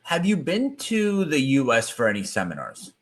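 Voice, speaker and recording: Podcast host guy, mid-pitched voice, laid back, fires off quick questions. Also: wildly swooping pitch. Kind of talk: casual interview chat.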